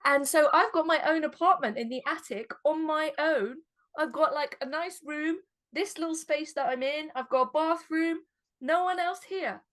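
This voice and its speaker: A woman's voice: high-pitched, moderate pace, fairly bright tone. A woman co-hosting a podcast in casual chat, cheerful and laughing along. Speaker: podcast co-host.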